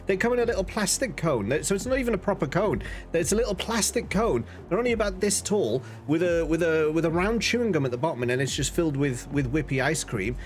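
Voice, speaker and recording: A man's voice: fairly high pitch, expressive, quick pace, few pauses, a little hiss or hum. A man chatting casually on a live stream, laughing often and reading out chat messages. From northern England.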